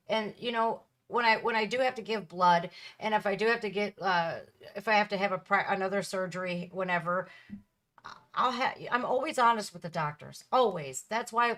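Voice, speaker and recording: A woman's voice: mid-range voice, fairly bright tone. Candid, emphatic woman reacting on camera. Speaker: reaction video host. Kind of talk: casual reaction commentary.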